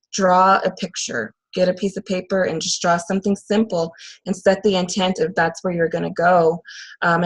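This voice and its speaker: A woman working as a medium, talking in a casual, earnest and halting way with frequent fillers. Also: on the low side, rough recording. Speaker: channeling medium. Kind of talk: casual conversation.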